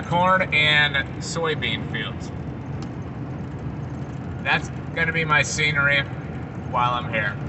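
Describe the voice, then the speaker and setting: Slow-talking man narrating from a car. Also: fairly high pitch. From Iowa. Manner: chatty, wry running commentary. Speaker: radio host and vlogger. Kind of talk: casual travel vlog narration. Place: inside a moving car. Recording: road and car noise. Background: car and traffic noise.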